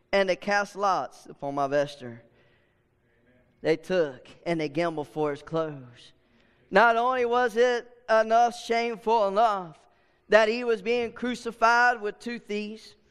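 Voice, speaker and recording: A man preaching an impassioned sermon, swelling loud and dropping to a hush. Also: high voice, clean tone. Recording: long hall reverb.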